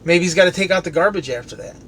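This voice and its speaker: A man's voice: high-pitched, racing. A man who cleans commercial kitchens, venting in a heated, profane, sarcastic rant. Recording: steady traffic and car noise behind.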